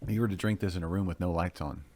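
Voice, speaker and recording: A man's voice: deep voice, racing, darkish tone. A man hosting a casual chat show, joking loosely and trailing off mid-thought.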